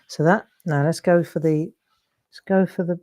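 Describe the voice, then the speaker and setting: A woman's voice: on the low side, steady tone, normal speed, a little mellow. A middle-aged woman, chatting in a rambling, self-interrupting way as she hosts a live drawing demonstration. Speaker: craft demonstrator and host. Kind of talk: casual chat while drawing live.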